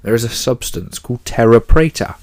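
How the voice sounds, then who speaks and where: Yawning as he goes, a podcast host talks on his own in a chatty, rambling way, with offhand swearing. His voice is medium-pitched and darkish, a little fast.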